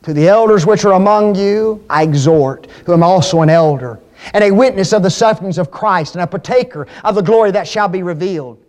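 A man preaching a sermon, stressing key words slowly and asking the congregation questions. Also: sits high, a little mellow.

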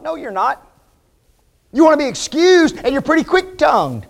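A man with a strikingly high voice delivers a sermon. He leans hard on his points and keeps asking the congregation rhetorical questions. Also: big pitch swings, moderate pace, gravelly. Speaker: preacher.

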